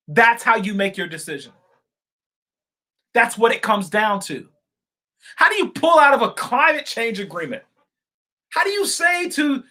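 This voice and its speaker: A man holds forth on a live stream, calling his viewers y'all and folks. He talks fervently and circles back to the same points, jumping from loud outbursts to quiet asides, then slips into reading comments aloud. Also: very high voice. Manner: fervent, repetitive, swings between shouting and quiet asides.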